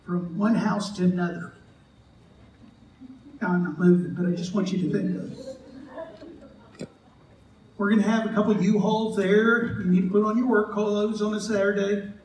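High-voiced pastor preaching in an echoey church. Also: male voice, steady tone, moderate pace, pauses often, darkish tone, distant mic, a little hiss or hum. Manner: conversational, joking, acts out quoted voices. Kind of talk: sermon. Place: church sanctuary. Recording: echoey church hall, mic from afar.

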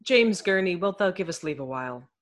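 A woman's voice: fairly low pitch, animated, fairly quick, lightly acted. A woman reading the part of a scheming, mocking young male noble in a Shakespeare scene.

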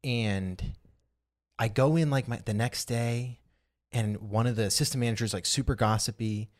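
A young man casually telling a long story on a podcast, peppered with "like" and animated retellings. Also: mid-range voice, normal speed. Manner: rambling, animated retelling with lots of "like". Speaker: podcast co-host.

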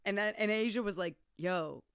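A woman's voice: mid-range voice, expressive, moderate pace, clear, resonant tone, no room sound, studio quality. A woman co-hosting a casual film chat, giggling and recounting stories with casual swearing. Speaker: podcast co-host.

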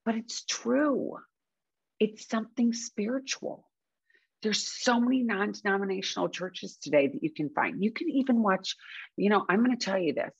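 A woman talks frankly and warmly about finding happiness, circling back to repeat her points and dropping the odd swear word. Her voice comes through a dull, lo-fi recording. The sound is dry, with no room echo. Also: medium pitch, expressive, moderate pace, gravelly, breathy edge. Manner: earnest, chatty, frank, swears casually, repeats points for emphasis. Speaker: recovery speaker sharing advice. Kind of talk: casual motivational talk to camera.

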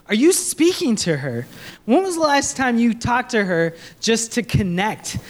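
A young man preaching a sermon in an earnest, conversational way, often restarting his sentences and asking the audience questions. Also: high-pitched. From Sri Lanka. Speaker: pastor.

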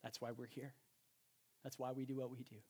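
A man preaching a sermon in a conversational, animated way, with joking asides to the congregation. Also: medium pitch, a little fast, slightly rough. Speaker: pastor.

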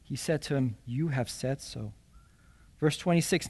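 A man's voice: medium pitch, a little slow, darkish tone, slightly rough. A man preaching a sermon as pastor, reading scripture and explaining it with emphatic, rhetorical "right?" asides. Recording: long hall reverb.

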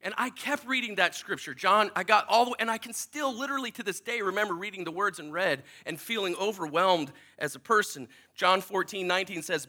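A man preaching a personal testimony in a small church, telling his story with feeling and dropping to a hush for remembered prayers. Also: high voice, a little fast, hardly any pauses. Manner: emotional storytelling, drops to near-whispers for inner prayers. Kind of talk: sermon testimony. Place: small church in a strip mall.

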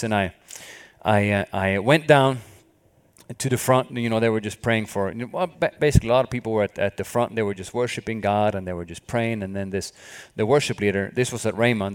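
A man's voice: lowish voice, clean tone. A man preaching a sermon with fervor, often stopping to say hallelujah. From not from the country where he studied. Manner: fervent, repeats hallelujah often.

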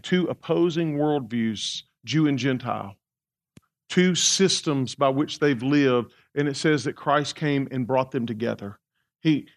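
A man preaching a sermon as pastor, talking to the congregation in a conversational way, repeating words and asking them questions. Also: fairly high pitch.

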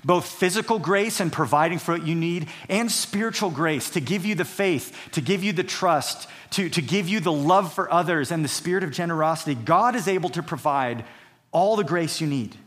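A man's voice: on the high side, lively intonation, normal speed, a bit bright. A male pastor preaching a sermon, emphatic and repetitive, reading scripture aloud between points. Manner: emphatic preaching, repeats key phrases, reads scripture aloud.

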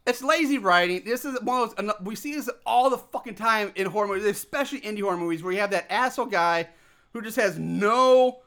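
Brief: male podcast co-host, high and bright-toned, ranting about a movie, swears a lot, fed up. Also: quick pace. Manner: exasperated, profane ranting. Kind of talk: casual chat.

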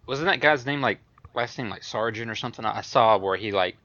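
Bright, rambling male podcast co-host. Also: medium pitch, brisk, no room sound, dull audio. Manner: rambling, repeating himself mid-thought. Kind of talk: casual chat.

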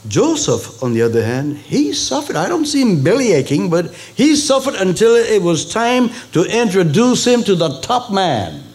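A male pastor delivering a sermon, his slightly high voice leaping up on emphatic words. He mixes preaching with chatty asides to his congregation. The melody swings widely and lively throughout. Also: moderate pace, few pauses. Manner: animated preaching with sudden high emphatic peaks.

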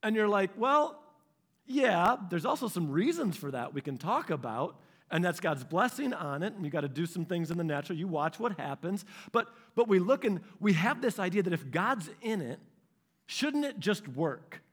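Animated male pastor preaching a sermon. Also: high voice, moderate pace, breathy edge. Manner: storytelling, animated, acts out his own past reactions.

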